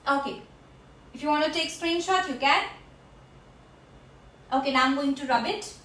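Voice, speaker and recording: A woman teaching a French class, slowly repeating each word for her learners. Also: sits high, a bit bright. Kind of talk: classroom language lesson. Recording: echoey room.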